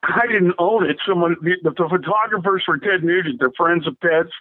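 It's a casual storytelling interview with an older rock drummer whose voice sits high, moving at normal speed as he rambles, laughs frequently and restarts his sentences. The audio is a tinny, dry phone line without room sound.

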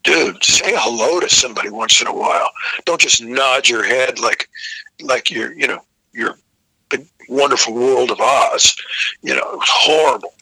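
An older man, a veteran rock vocalist, relaxed and rambling through tour stories. His voice is very bright and forward. It sits close and dry on the mic. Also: mid-range voice, moderate pace, creaky, breathy edge, no room sound, low-quality recording. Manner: rambling anecdotal, frequent restarts, profane. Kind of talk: casual storytelling interview.

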